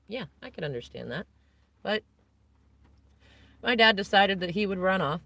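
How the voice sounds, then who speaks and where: A woman's voice: medium pitch, lively intonation, normal speed, creaky, long pauses, a bit bright, no room sound. A woman vlogger sitting in a parked van, venting about a family conflict in a long, rambling, unscripted rant.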